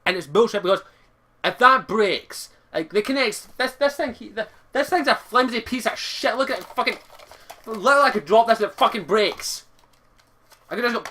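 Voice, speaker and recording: A Scottish man sits on his bed and rants at the camera, cursing at nearly every turn. His voice sits high for a man and rings bright and sharp, with angry outbursts breaking through again and again. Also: animated, normal speed, a little hiss or hum. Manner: swears constantly, exasperated, loud outbursts. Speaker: vlogger. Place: his bedroom, sitting on his bed. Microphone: camera across the room.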